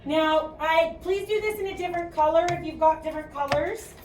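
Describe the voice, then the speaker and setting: A woman with a Chicago accent teaches a math class in a classroom lecture, projecting her very high voice at a fairly quick pace and often checking in with "okay?". A distant mic picks her up in an echoey classroom with slight background noise.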